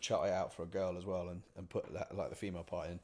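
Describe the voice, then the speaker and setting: A man chatting casually as a podcast co-host, an animated storyteller. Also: sits low, fast talker. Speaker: podcast co-host, session singer. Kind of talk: casual chat.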